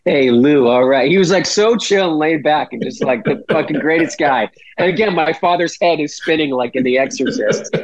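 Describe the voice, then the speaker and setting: A man's voice: on the high side, brisk, few pauses, no echo. A man from Massachusetts, a podcast guest telling a rambling story and swearing freely. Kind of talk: casual storytelling. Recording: dull dry lo-fi audio.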